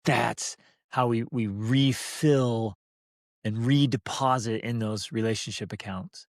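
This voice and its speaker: A man's voice: medium pitch, slow, no echo, clean studio sound. A man hosting a podcast, talking in an encouraging, emphatic way. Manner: encouraging, emphatic, calls listener "brother". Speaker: podcast host. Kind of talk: casual conversation.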